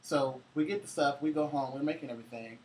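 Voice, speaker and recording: A man's voice: mid-range voice, fast talker. Laid-back man telling profane family stories. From Cincinnati, US. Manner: loose, profane, laughing anecdotes. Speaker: co-host. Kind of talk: casual storytelling chat.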